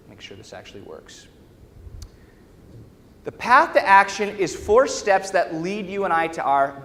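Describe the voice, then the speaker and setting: A man's voice: fairly high pitch, fairly bright tone, slight background noise. A man, a workshop trainer, telling a story to a live audience in a large lecture hall and often checking in with his listeners. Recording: echoey hall with faint ambience.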